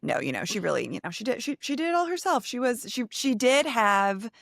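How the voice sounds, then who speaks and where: A woman's voice: fairly high pitch, sing-song, fairly quick, vocal fry, fairly bright tone, no room sound. Chatty woman podcast host, bouncy voice, dry mic. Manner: bubbly, chatty, many fillers. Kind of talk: casual chat.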